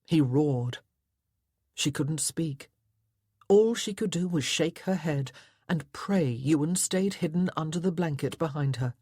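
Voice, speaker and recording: Woman, audiobook narrator, low voice, husky, dry, dramatic reading. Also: expressive, unhurried, mellow, no echo. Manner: dramatic, tense storytelling. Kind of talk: scripted narration.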